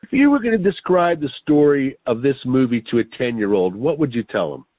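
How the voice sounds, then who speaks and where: A man co-hosting a casual movie review chat, asking his partner measured, interviewer-style questions. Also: mid-range voice, lively intonation. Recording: tinny phone-like line, dry.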